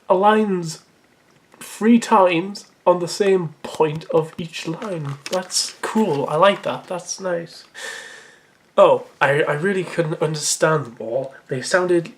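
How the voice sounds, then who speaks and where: A man's voice: sits high, slow pace, slight background noise. A man reads his childhood story aloud as comedy. He keeps interrupting himself with sarcastic, mocking remarks and laughs at the writing. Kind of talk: comedic dramatic reading with commentary.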